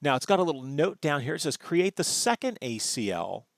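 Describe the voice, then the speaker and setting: A man's voice: a little high, big pitch swings, brisk, gravelly, dry recording, studio quality. A male networking instructor explaining configuration steps in a conversational tutorial walkthrough, often checking in with his students. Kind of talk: screen-recorded tutorial walkthrough.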